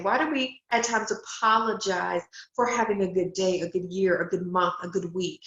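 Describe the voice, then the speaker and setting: A woman's voice: medium pitch, steady tone, normal speed, hardly any pauses, fairly bright tone. Emphatic woman giving a motivational talk. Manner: emphatic, direct, encouraging. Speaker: speaker and coach. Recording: roomy, slightly dull home recording.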